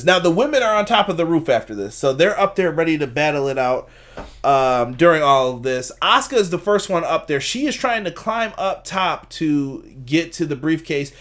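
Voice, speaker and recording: A man hosting a casual live-streamed wrestling review, recapping matches and reacting to chat. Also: a little high. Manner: animated recapper who acts out quotes and laughs at chat. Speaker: wrestling review podcast host.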